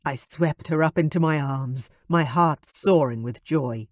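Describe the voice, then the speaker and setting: Slow, measured male narrator. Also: on the high side, dry recording, studio quality. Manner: measured, even storytelling. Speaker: audiobook narrator. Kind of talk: scripted narration.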